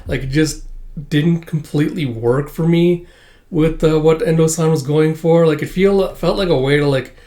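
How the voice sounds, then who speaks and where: A man's voice: on the high side, moderate pace, dark tone. Rambling man reading through a manga. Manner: rambling, many fillers, chuckles often. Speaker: manga read-through host. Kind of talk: casual reading commentary.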